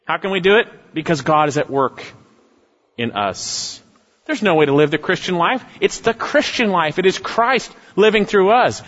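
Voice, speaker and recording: A man's voice: expressive, moderate pace. Emphatic preacher man in echoing hall. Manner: emphatic preaching, swinging between raised exhortation and low, quiet asides. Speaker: pastor. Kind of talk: sermon. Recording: dull lo-fi sound with long hall reverb.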